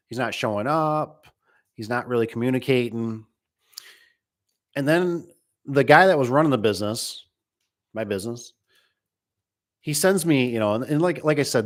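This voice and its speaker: A middle-aged man who runs a garage door business, talking casually on a livestream, rambling with many fillers and restarts. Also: mid-range voice.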